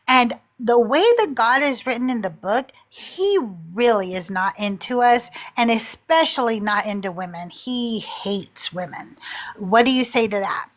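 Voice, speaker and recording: A woman hosting a live online debate, talking bluntly and with profanity, telling stories in lively bursts. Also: fairly high pitch, unhurried. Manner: blunt, profane, animated storytelling. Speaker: podcast host. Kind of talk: casual debate chat on a live stream.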